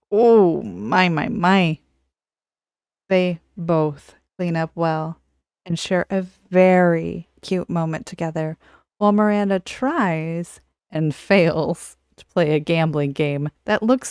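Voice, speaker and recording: A woman co-hosts a podcast with a low, smooth voice. She talks casually and explains things at length, with some swearing. The close mic sounds dry. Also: a little mellow, dry recording. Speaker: podcast co-host.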